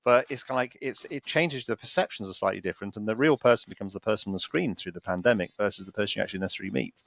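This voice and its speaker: A man's voice: lowish voice, racing, creaky, a bit bright, highs cut off. A male interview host who talks over a video call and rambles while he searches for words. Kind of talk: conversational interview.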